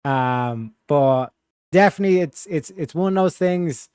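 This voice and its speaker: A man's voice: a little high, unhurried, darkish tone, smooth, dry recording, clean studio sound. Slangy male streamer. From Ireland. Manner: rambling, slangy, reads donations aloud. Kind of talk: casual live-stream commentary.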